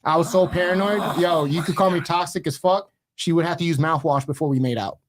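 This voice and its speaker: A young man hosting a podcast, telling stories in animated, slangy casual chat. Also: a little high, fairly quick, noisy background. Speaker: podcast host. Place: podcast studio.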